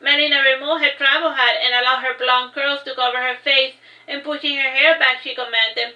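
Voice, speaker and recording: A woman with a high, very bright voice reads her own novel aloud in a casual, unpolished way. She often stumbles, corrects herself and breaks off into chatty asides. The room around her gives a noticeable echo. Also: steady tone, normal speed, dull audio. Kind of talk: casual audiobook reading. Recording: roomy echo.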